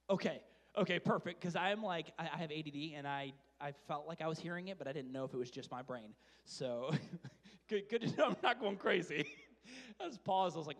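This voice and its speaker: A man giving a casual, rambling sermon, telling stories about his life and kids. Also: on the high side. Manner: rambling, chatty, self-deprecating storyteller. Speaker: preacher. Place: large church hall. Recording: reverberant church hall.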